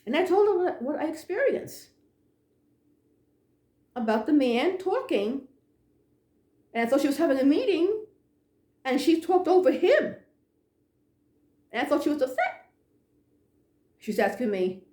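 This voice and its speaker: A woman telling a ghost story in a casual, animated way, acting out the dialogue and sometimes dropping to a hush. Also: high voice, unhurried, long pauses, echoey room. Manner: animated, acts out dialogue, drops to hushed tones.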